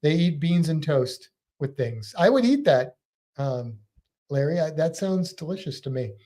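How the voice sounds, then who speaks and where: An American man from the United States co-hosts a casual live stream, chatting and laughing as he responds to viewer comments. His voice is a little high and very animated, with a dark tone and a measured pace.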